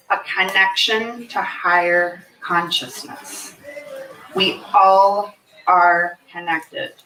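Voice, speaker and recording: An earnest woman explaining hypnosis to a fair audience, her tone bright and forceful, checking in with listeners as she goes. She is picked up from a distance in an echoey indoor space, with faint ambient noise behind. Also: medium pitch. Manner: earnest, often checks in with "okay?". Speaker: hypnosis practitioner. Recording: echoey room, mic far off.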